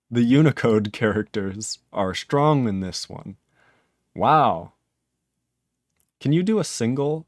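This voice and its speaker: A man's voice: mid-range voice, no echo, studio quality. A man live-streaming his programming work, thinking aloud in casual talk, chuckling often and chatting with his viewers.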